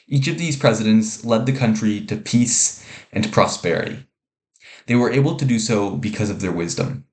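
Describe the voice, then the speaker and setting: A man's voice: on the low side, moderate pace, vocal fry, a little mellow. A man presenting a read speech, reading plainly with an occasional stumble.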